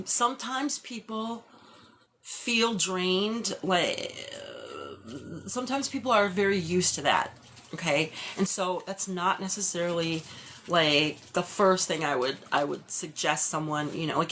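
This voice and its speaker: A woman's voice: lowish voice, pushed and bright, slight background noise. A woman giving a live-stream tarot reading, talking in a loose, rambling way full of "like" and "you know". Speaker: tarot reader.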